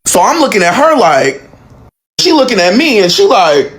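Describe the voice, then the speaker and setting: Animated young man telling a story. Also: moderate pace. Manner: animated, swearing, dramatic pitch swings. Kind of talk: casual storytime.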